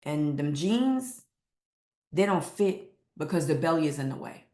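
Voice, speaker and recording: A woman's voice: low voice, lively intonation, unhurried, warm tone, reverberant. A woman weight loss coach speaking to camera with emphatic, repeated motivational lines.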